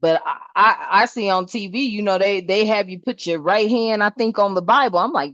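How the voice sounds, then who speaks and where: A woman's voice: medium pitch, normal speed, few pauses, fairly bright tone, dry recording. An older woman with a drawl talks straight to her viewers, salty and blunt, mixing cussing with spiritual advice. Her voice sits in a middle register. It comes through a dull, lo-fi mic in a dry, close space. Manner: salty, blunt and preachy, full of swearing and asides to "family". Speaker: spiritual channel host. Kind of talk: casual spiritual vlog talk.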